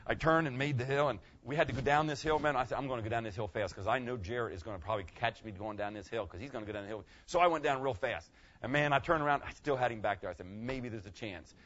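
A man's voice: mid-range voice, fast talker, fairly bright tone, highs cut off. An older man preaching a conversational sermon as a pastor, folksy and rambling, often asking "okay?".

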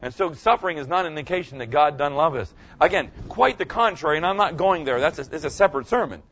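A man's voice: a little high, expressive, quick pace, fairly bright tone, dull audio. An older male pastor giving a folksy, conversational sermon, often checking in with his listeners. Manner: folksy, conversational preaching, asks the audience "okay?" often.

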